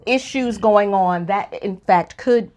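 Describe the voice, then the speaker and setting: A woman co-hosting a relationship podcast, talking in a lively, opinionated way, her voice jumping up high when she is incredulous. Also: takes it slowly. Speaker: podcast co-host. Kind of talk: casual opinion chat.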